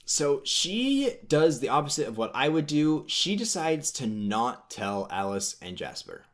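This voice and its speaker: A man's voice: fairly high pitch, very animated, measured pace. A man co-hosting a podcast, casually recapping a book in a rambling way with lots of fillers. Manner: rambling, filler-heavy retelling. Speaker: podcast co-host.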